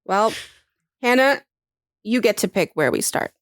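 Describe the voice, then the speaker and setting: A woman co-hosting a podcast in casual chat, blunt and quick to swear. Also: medium pitch, sing-song, dry recording, clean studio sound. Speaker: podcast co-host.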